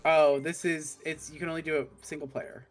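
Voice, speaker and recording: A woman's voice: deep voice, little pitch movement, a little fast, soft background music. A woman casually chatting while playing a video game on stream, laid-back and self-deprecating. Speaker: co-host streamer. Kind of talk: casual gaming chat.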